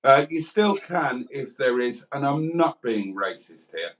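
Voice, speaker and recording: A man's voice: medium pitch, lively intonation, measured pace, low-quality recording. A middle-aged man co-hosting a livestream, telling rambling, crude, joking anecdotes in casual banter. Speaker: livestream co-host.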